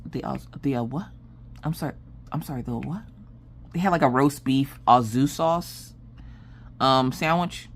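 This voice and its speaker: A woman's voice: unhurried, long pauses, slightly rough. A Southern American woman in her thirties chatting casually, acting out family members' lines in an exasperated storytelling manner. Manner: animated, acts out family members' lines with big pitch jumps and exasperated whispers. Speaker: craft vlogger.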